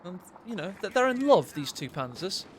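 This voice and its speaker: A man doing live game commentary, excitable and cheeky, teasing his co-caster. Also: high voice, moderate pace, a little hiss or hum. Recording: loud game battle sounds behind.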